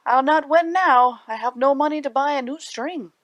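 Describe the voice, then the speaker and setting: A woman's voice: high-pitched, moderate pace, fairly bright tone, no room sound, dull audio, voice pushed up. A woman doing a humble old harper man. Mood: earnest, worried.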